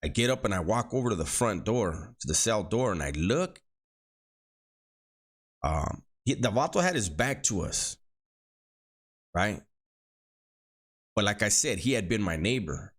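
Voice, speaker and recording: Ex-con storyteller, middle-aged man, deep voice, slangy and repetitive. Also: expressive, unhurried, long pauses. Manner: street slang, repeats words, acts out quoted dialogue. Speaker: former prisoner telling his story. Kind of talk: casual spoken storytelling.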